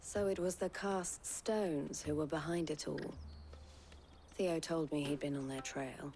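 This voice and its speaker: A polished, sly merchant woman, lowish voice, light game music. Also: darkish tone. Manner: polished, gracious, shrewdly teasing. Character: shrewd businesswoman running a caravan company. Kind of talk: video game cutscene dialogue. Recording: game audio with faint music.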